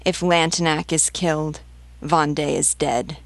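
A woman reading the part of a grave old peasant man, slow and solemn. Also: low voice, fairly even intonation, dry recording.

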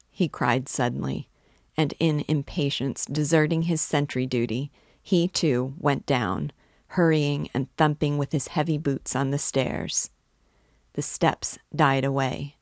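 A woman reading a classic novel aloud as a guide, with measured, even narration. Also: sits low, dry recording, clean studio sound.

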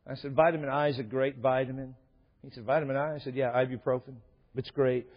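A man's voice: medium pitch, fairly even intonation, fast talker. A male pastor preaching a sermon, asking his congregation earnest, direct questions. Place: church sanctuary. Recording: dull echoing church hall.

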